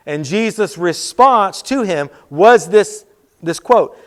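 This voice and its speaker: A man's voice: sits high, expressive, takes it slowly. A man preaching at a youth event, conversational and repetitive, acting out quotes. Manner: conversational, repeats key lines, quotes with acted voices. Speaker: youth pastor. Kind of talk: youth sermon.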